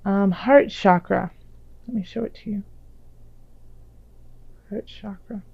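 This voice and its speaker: A woman doing a tarot reading in a casual, gentle, reassuring way, with many fillers. Her voice is a little raspy while it recovers. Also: medium pitch, takes it slowly, no echo, dull audio. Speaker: tarot reader. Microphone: own microphone.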